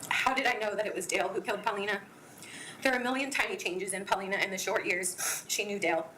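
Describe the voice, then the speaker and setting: A woman giving a victim impact statement in court, reading her prepared statement in an earnest, measured way. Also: mid-range voice, steady tone, pushed and bright, slight background noise, poor audio.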